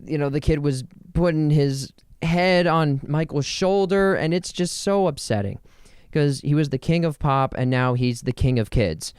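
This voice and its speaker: Rambling, jokey man with a smooth voice. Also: a little high, moderate pace, darkish tone, no echo, clean studio sound. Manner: rambling and jokey, spells words aloud. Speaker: podcast host. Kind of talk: casual solo podcast chat. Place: home in New Jersey.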